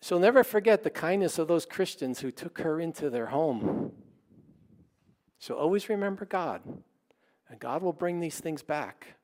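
A pastor telling a story in his sermon, in a conversational and animated way. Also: fairly high pitch, normal speed.

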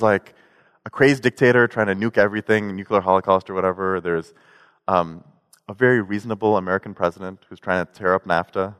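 A man giving a sermon in a relaxed, conversational way, mixing in jokes and personal stories. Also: on the low side. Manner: conversational, joking storytelling. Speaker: pastor. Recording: long hall reverb.

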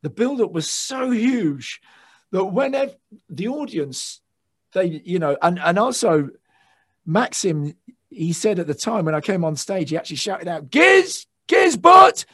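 A man with a fairly high voice tells stage stories with rising excitement, swearing freely and shouting out quotes. The sound is dry and close. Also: measured pace, slightly rough, no room sound. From England. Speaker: guest guitarist. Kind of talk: casual storytelling interview.

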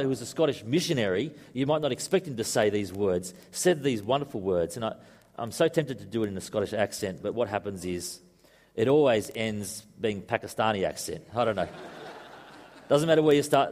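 A man's voice: mid-range voice, a little mellow. Conversational male preacher in an echoing hall. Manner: conversational, joking asides. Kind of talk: sermon to a congregation. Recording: echoey hall reverb.

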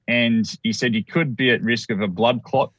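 A man's voice: medium pitch, fairly even intonation, moderate pace, husky, no room sound, dull audio. An Australian man telling a personal story as a guest, rambling with restarts and acted-out quotes.

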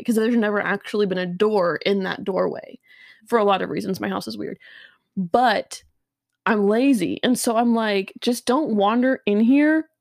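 A woman in her thirties co-hosting a podcast, telling stories in a casual, animated and crude way, full of fillers and restarts. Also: medium pitch, creaky, dry recording, clean studio sound. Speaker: podcast co-host. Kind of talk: casual storytelling chat.

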